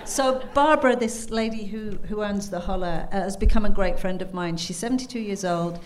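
A woman's voice: medium pitch, brisk, noisy background. A woman with an English accent, a guest author in a casual interview. She is chatty and self-deprecating, and she laughs often. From England.

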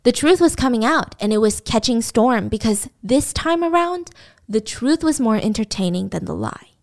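Animated woman telling a story. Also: fairly high pitch, normal speed, vocal fry. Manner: animated, indignant, acts out quotes. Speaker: podcast host. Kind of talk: casual storytelling.

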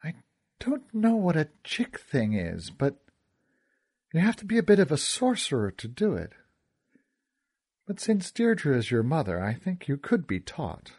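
A man voicing a calm, teasing young sorceress. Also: fairly high pitch, unhurried, long pauses, husky, pitched above the performer's own voice, exaggerated voice.

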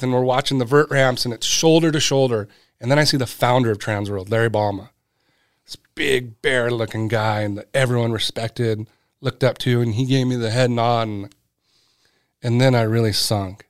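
A man's voice: mid-range voice, moderate pace, clean tone, dry recording, clean studio sound. A middle-aged man, guest on a podcast, telling a story casually and acting out the voices of the people in it. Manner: animated, acts out quoted voices. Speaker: guest, brand cofounder.

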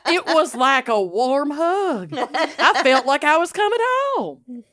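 A woman's voice: high-pitched, big pitch swings, slow pace, fairly bright tone. A woman co-hosting a podcast in playful, giggly casual chat. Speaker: podcast co-host. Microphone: small handheld mic.

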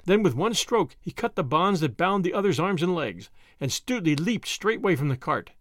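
Guy narrating an old adventure story, lively expressive reading, dry close sound. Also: sits high, normal speed, no room sound. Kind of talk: audiobook narration.

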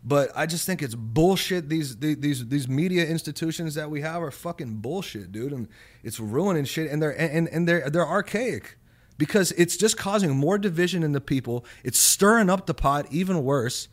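A man in an easygoing podcast chat, his voice sitting a little high. He rambles with plenty of fillers and restarts and swears casually. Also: animated, moderate pace.

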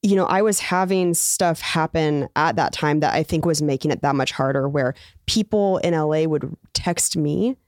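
A woman comedian as a podcast guest, telling stories in a chatty, animated way. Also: low voice, normal speed, hardly any pauses, dry recording, clean studio sound. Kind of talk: casual chat.

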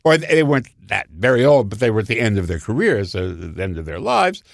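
Older man telling lively anecdotes. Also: a little fast, gravelly, no room sound, studio quality. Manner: animated storyteller, jumps into high voices for quoted people. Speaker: guest comedy writer.

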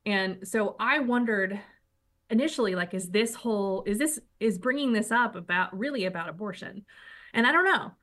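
A woman's voice: mid-range voice, normal speed, a bit bright. A woman co-hosting a casual political talk show, blunt and opinionated, talking in long runs. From United States. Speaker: co-host.

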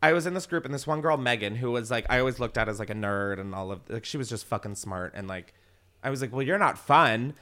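A man's voice: fairly low pitch, fast, fairly bright tone. A young man hosting a podcast, telling a story with a lot of swearing and frequent laughs into a desk microphone in a studio. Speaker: podcast host. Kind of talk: casual podcast chat, storytelling.

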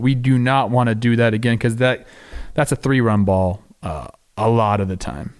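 Excitable man breaking down baseball clips. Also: medium pitch. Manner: excitable, animated play-by-play with quick asides. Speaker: baseball podcast host. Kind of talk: casual video breakdown commentary.

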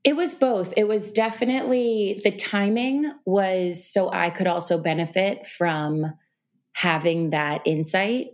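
A woman guest on a podcast, talking in a relaxed, reflective way, with lots of fillers. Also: mid-range voice, unhurried. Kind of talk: casual interview conversation. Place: New York City.

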